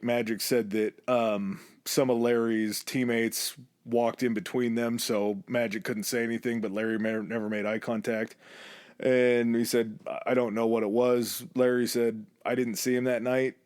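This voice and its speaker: A man's voice: moderate pace, clear, resonant tone, no echo. Man telling a story on a dry podcast mic. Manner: relaxed storyteller, acts out quoted lines with shifts in pitch. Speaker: podcast host. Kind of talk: casual storytelling chat.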